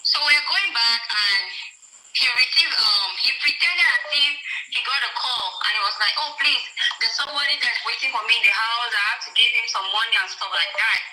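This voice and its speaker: A woman's voice: a little high, brisk, sharp tone, roomy sound, poor audio. A woman from Cameroon telling a personal story in an interview, often quoting what others said. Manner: recounting, quotes others' words. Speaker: guest telling her story.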